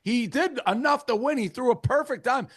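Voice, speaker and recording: Male host, higher voice, chatty and loose. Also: moderate pace, breathy edge. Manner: loose, chatty, tosses to callers. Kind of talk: casual sports talk.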